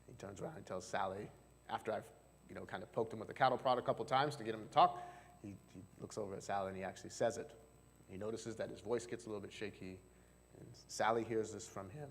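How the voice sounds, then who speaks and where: A male marriage and family therapist gives a chatty seminar talk to a live audience in a church hall, using lots of fillers and often asking the crowd questions. His voice is lowish and he talks fast. The recording has long hall reverb and a little hiss or hum.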